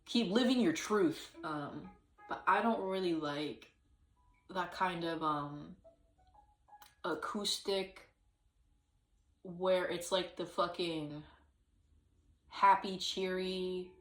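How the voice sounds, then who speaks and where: Woman, casual vlogger, slow drawling ramble, full of fillers, a bit distant and echoey. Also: fairly low pitch, fairly even intonation, a bit bright. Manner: rambling, hesitant, many fillers, sudden sung and acted bits. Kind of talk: casual solo vlog chat.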